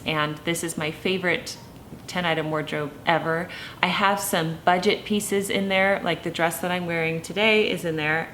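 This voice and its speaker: Chatty woman vlogger, soft and low. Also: a little hiss or hum. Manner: tearful, emotional, laughing through tears; gentle, chatty, many ums and you-knows. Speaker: lifestyle vlogger. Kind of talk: casual talk to camera.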